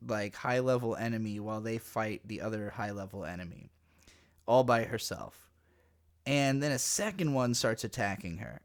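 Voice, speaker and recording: A male anime reviewer talking casually through an episode. His mid-pitched voice jumps up sharply when he gets worked up, and he swears freely and tells the plot in an excitable rush. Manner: animated, profane, excitable storytelling. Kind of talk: casual commentary.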